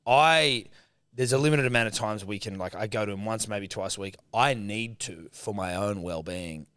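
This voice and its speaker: A man chatting on a podcast, animated and sweary, talking in quick bursts. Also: lowish voice, clear, resonant tone, no room sound, clean studio sound. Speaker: podcast host. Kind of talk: casual chat. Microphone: studio mic.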